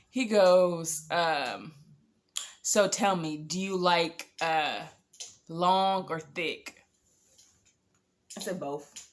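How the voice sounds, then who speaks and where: A woman with a slightly low-pitched voice tells a story casually to camera. She is blunt, exasperated and freely profane, slipping into quoted remarks as she rambles on. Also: fairly bright tone. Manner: candid, blunt and profane, quoting others in asides. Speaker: storytime vlogger.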